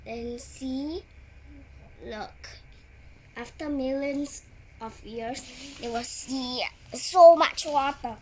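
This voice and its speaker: A six-year-old girl reading her own picture book aloud, slow and halting, pointing at the pictures as she goes. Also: high-pitched, darkish tone, slight background noise. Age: 6 years old. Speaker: child storyteller.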